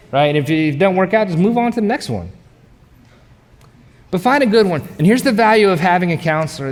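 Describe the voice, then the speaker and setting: Pastor, male, middle-aged; lively casual sermon delivery, high voice, big church hall reverb. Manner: energetic, conversational preaching with shouted asides. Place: large church auditorium.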